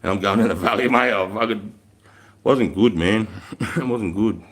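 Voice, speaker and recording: A man's voice: on the low side, normal speed. A middle-aged man with an Australian accent, telling rambling stories in a frank, heavy-swearing casual chat on a live stream. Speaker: military veteran hosting a live stream.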